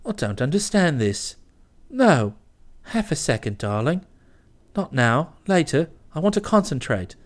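A woman voicing a meek, flustered young man, deep and hushed. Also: very animated, measured pace. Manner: mild, stammering apologies.

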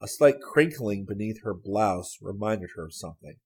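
Low, husky male audiobook narrator. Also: expressive, normal speed. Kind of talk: scripted narration.

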